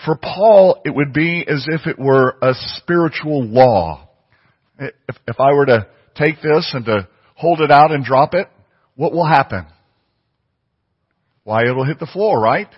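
A man's voice: fairly high pitch, expressive, measured pace, breathy edge. A man preaching a sermon, emphatic and fond of repeating phrases for stress. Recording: muffled audio with long hall reverb.

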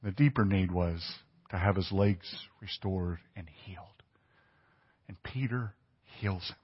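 Husky preacher in an echoing hall. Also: male voice, low voice, unhurried. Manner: conversational preaching, asks the congregation questions. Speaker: pastor. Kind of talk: sermon. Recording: dull lo-fi church recording with long reverb.

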